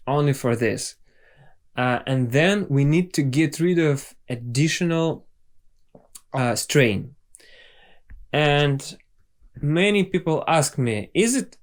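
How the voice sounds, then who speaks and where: Male vocal coach, young, Russian native speaker, very slow unhurried delivery, patient explainer. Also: medium pitch. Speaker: singing teacher. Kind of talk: vocal lesson with sung demonstrations.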